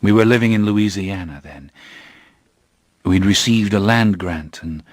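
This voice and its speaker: A man voicing a calm, brooding centuries-old male vampire, speaking in a measured, grave way. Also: low voice, dry recording. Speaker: narrator.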